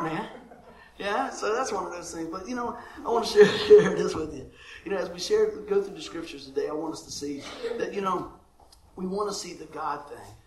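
A man's voice: high voice, fairly bright tone, roomy sound, slight background noise. A man, a pastor telling a comic story at the start of his sermon and laughing often along the way.

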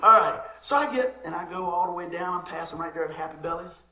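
A man opens his sermon with a funny personal story, laughing as he goes and acting out everyone in it. His voice sits high and sounds bright and forceful. The room gives it a roomy echo. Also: quick pace. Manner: lively storyteller, laughs often, acts out the people in his story. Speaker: pastor.

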